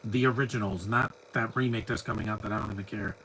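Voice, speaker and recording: A man's voice: fairly low pitch, fairly even intonation, fast, fairly bright tone, slight background noise, poor audio. A man giving a live movie commentary, chatty and opinionated, full of rambling asides. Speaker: film commentator.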